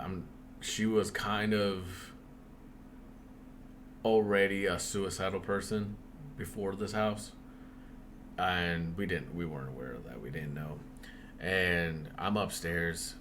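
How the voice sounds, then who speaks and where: A man's voice: sits low, noisy background. Casual man telling a spooky story. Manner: swearing, animated, laughs often. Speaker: podcast host telling a story.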